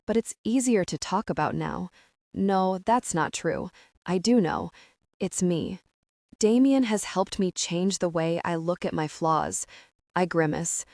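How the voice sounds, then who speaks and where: A woman reads a first-person romance audiobook in an intimate, emotional way. Her voice sits on the low side and the sound is dry and close, with no room echo. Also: darkish tone. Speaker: audiobook narrator.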